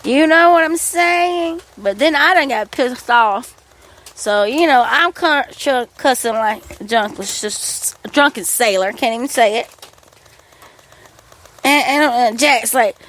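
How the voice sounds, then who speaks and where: A woman, hosting a podcast and telling a rambling, animated story about her household, swearing freely. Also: on the high side, a little slow. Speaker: podcast host. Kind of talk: casual storytelling monologue.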